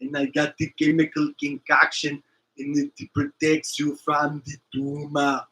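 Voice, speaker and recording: A bright, forceful voice booms out slow, emphatic declarations. It belongs to an older action-movie muscleman, as a man puts him on in a comic impression, with the pitch pushed a little high. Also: sing-song, creaky, full character voice, rough recording. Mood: mock-serious. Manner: slow, emphatic, repetitive pronouncements.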